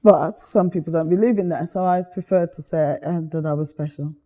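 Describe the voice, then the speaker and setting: This is a middle-aged woman from Guyana chatting as an interview guest. She tells her stories lively and acts out the voices she quotes. Her voice is mellow and sits a little low. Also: a little fast. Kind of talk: casual interview chat.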